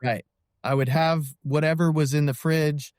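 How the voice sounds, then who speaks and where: A man in his thirties telling his personal story as a podcast guest, earnest and halting, with many fillers and restarts. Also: a little high, steady tone, darkish tone, smooth, dry recording, studio quality. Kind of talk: personal testimony in an interview.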